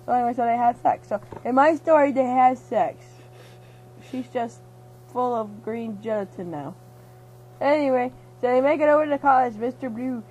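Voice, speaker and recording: A high-voiced young woman, drowsy and slap-happy, tells a rambling, nonsensical version of a movie plot. She giggles often and slips into quick voices for the characters. A faint hum sits behind her home recording. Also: darkish tone, poor audio. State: half-asleep, giddy. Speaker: storyteller. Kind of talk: rambling comic retelling of a movie.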